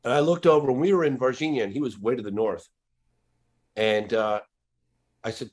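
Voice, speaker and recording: A man's voice: fairly low pitch, brisk, long pauses. A man who is a documentary filmmaker, talking as a guest in a casual podcast interview with emphatic, insistent stress on his words.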